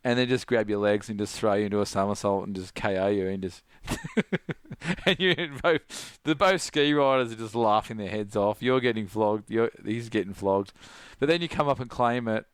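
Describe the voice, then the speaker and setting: A middle-aged Australian man, a surf coach, telling a story in casual chat, animated and laughing, full of "like". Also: on the low side, moderate pace, clean tone, no room sound, clean studio sound. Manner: animated, laughing, heavy use of "like".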